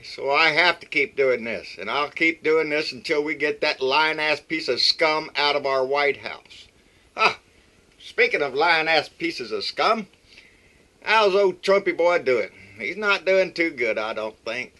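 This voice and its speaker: A man's voice: a little high, expressive, unhurried, sharp tone. A man hosting his own show, giving a blunt, folksy political rant full of mockery. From Texas. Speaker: political vlogger.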